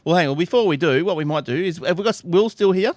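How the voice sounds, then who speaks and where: A man with an Australian accent hosting a casual tech podcast, relaxed and steering the talk along. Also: high-pitched, fast, no echo, clean studio sound. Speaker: podcast host.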